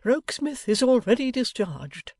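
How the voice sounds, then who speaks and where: A man voicing a naive, distraught old gentleman who wails and pleads in a high voice. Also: wildly swooping pitch, moderate pace, slightly rough, no echo, clean studio sound, full character voice. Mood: despairing.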